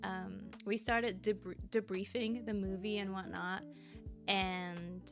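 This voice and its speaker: A woman's voice: medium pitch, flat delivery, slow pace, vocal fry, soft background music. A woman streamer chatting casually with her livestream viewers, bubbly and giggly, thanking them and rambling between topics.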